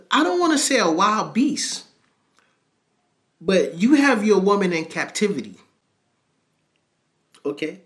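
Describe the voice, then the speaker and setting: A man's voice: high-pitched, fairly bright tone. A man hosting, cutting in with joking, slangy commentary on the story. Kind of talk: casual commentary.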